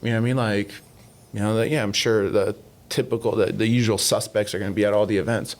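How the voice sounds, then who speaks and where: A man's voice: fairly low pitch, fast. A man guesting on a podcast, telling stories in casual chat, acting out past talks and leaning on fillers. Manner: animated, retells talks in quoted voices, many fillers. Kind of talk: casual storytelling interview.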